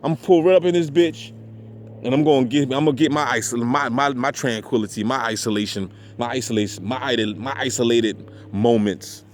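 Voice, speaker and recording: A man's voice: medium pitch, a little fast, a little hiss or hum. A man talking outdoors in a rambling, profane monologue, heavy on street slang and "you know what I'm saying.". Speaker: vlogger. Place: outdoors at a park parking area.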